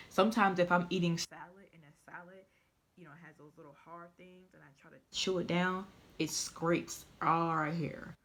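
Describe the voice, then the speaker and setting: A woman telling her own story in a vlog, halting and tearful at times, often dropping to a whisper. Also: lowish voice, steady tone. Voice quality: often drops to a soft whisper. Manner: halting, tearful, stumbling over words. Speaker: vlogger. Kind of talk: emotional personal vlog.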